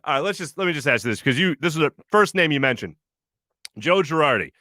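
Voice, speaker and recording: A man from the Philadelphia area hosting a casual sports radio chat, excitable and jokey with quick exclamations. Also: a little high, no room sound.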